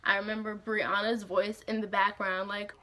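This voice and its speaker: A young woman vlogger tells a story in a bright, sharp voice. Her talk is casual and slangy, full of swearing and "like", and she is animated throughout. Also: medium pitch, normal speed. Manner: animated, slangy and profane, heavy use of "like".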